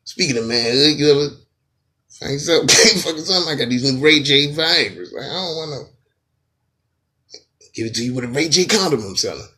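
Animated, profane man telling a funny story. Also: a little high, a little fast, long pauses. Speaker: podcast host. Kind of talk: comedic storytelling.

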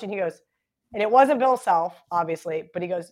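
Woman, 30s, podcast guest, mid pitch, chatty anecdote delivery with lots of "like". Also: brisk. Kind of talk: casual storytelling chat.

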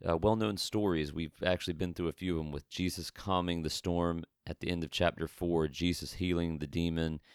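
A man's voice: low-pitched, steady tone, brisk, few pauses, clear, resonant tone, dry recording, clean studio sound. A man preaching a conversational Bible teaching, often restarting and repeating words as he goes. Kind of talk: sermon-style Bible teaching.

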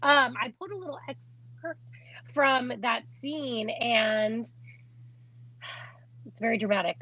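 A bubbly young woman co-hosting a casual podcast, her voice high and noticeably husky. She chats in a giggly run-on way, full of "like". The audio is slightly muffled and lo-fi. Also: slow pace, long pauses, pushed and bright. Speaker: podcast co-host. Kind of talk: casual chat.

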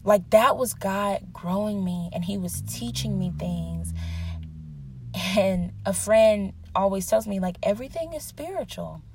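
A woman's voice: medium pitch, steady tone, takes it slowly, a little mellow, slight background noise. A young woman giving an earnest, conversational devotional teaching, telling personal stories and laughing at herself now and then. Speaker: Bible teacher.

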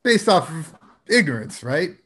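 A man's voice: fairly high pitch, very animated, unhurried, noisy background. Probing young man questioning his co-host. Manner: probing, pushes back with questions. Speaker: podcast co-host. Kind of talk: casual chat.

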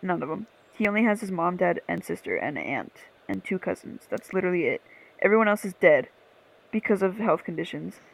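A woman's voice: lowish voice, big pitch swings, brisk, gravelly, low-quality recording. A young woman co-hosting a podcast, telling a story in casual chat with lots of swearing and laughter.

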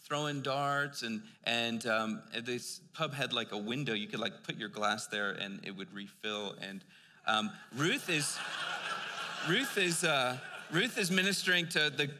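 An older pastor preaches a sermon in church, telling a personal story loosely and conversationally with many fillers. His medium-pitched voice is unhurried, the background is noisy, and a long hall reverb fills the recording.

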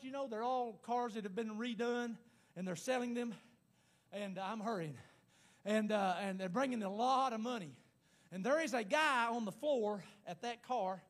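A man preaching a sermon, emphatic and repetitive, rising to shouts at times. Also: high voice. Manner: pauses to speak in tongues.

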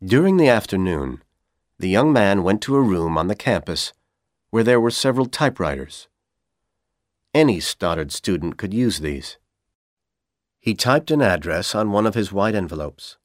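A man from Iran with a Persian accent, whose first language is Persian, reading an English storybook aloud in a clear, deliberate way for learners. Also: lowish voice, very animated, no room sound, studio quality. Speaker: audiobook reader for English learners. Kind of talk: slow audiobook narration.

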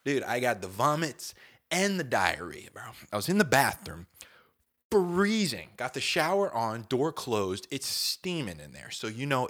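A man in his thirties telling a comic story in a casual, animated way, acting out groans and quoted lines and saying "dude" a lot. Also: mid-range voice.

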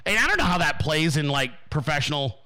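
A man hosting his own show, telling a story in a casual, profane, animated monologue. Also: fairly high pitch, fairly quick. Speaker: podcast host.

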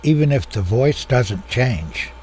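A man's voice: medium pitch, sing-song, takes it slowly, darkish tone, husky. A man chatting casually and joking along with the others. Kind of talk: casual chat.

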